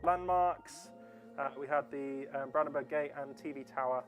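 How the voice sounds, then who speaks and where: A man's voice: medium pitch, moderate pace. A man hosts a fundraiser quiz on a livestream, reading out answers in a loose, chatty way with plenty of ums. Faint music sits underneath his voice. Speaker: fundraiser stream host. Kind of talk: casual quiz hosting on a livestream.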